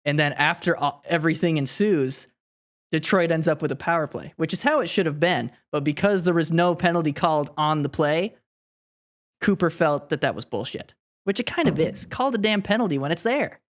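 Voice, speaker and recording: A man co-hosting a podcast, talking hockey in casual, animated chat, often laughing and swearing. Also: on the high side, brisk. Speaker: podcast co-host.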